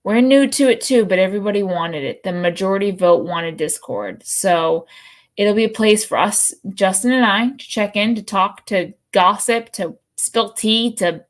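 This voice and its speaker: Animated, profane woman co-host. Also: mid-range voice, normal speed. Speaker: podcast co-host. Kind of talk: casual live-show chat.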